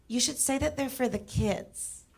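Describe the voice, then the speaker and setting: A woman doing a nosy cashier in a stand-up bit. She keeps her voice hushed and confiding. She pries at the customer in an overfamiliar way. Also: high voice, a little slow, vocal fry, voice pushed up, heavily acted. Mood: prying. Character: oddly nosy female store cashier.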